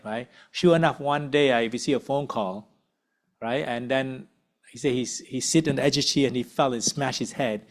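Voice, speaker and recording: Male workshop leader, mid-pitched, chatty and relaxed, checks in with listeners, church group setting. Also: normal speed. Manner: conversational, frequent tag questions. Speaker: uncle.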